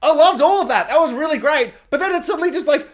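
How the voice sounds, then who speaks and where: Casual male reviewer, sarcastic and rambling, lively swooping delivery. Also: very high voice, quick pace. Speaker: video reviewer.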